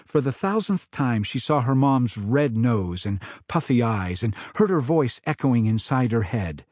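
A man reading his own novel aloud in dramatic, expressive audiobook narration. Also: mid-range voice, moderate pace, husky, no room sound, studio quality.

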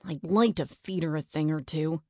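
A woman's voice: deep voice, moderate pace, darkish tone, no echo, clean studio sound. A woman voicing a grumpy, sarcastic young boy who whines and mutters in a children's storybook. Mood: grumbling. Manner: whiny, sarcastic.

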